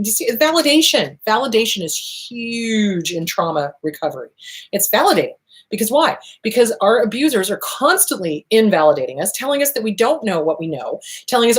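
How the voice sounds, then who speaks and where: Lively, swearing woman therapist. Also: fairly quick. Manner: swears freely, acts out quotes with big pitch jumps. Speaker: therapist and podcast host. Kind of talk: casual advice monologue.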